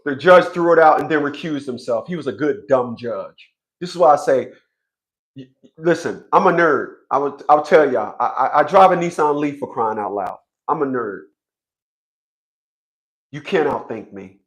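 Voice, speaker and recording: A man telling a court story in an animated monologue, mocking, with loud outbursts and low asides, acting out other people's lines. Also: moderate pace. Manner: acts out other people's voices in quotes. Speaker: family court advocate.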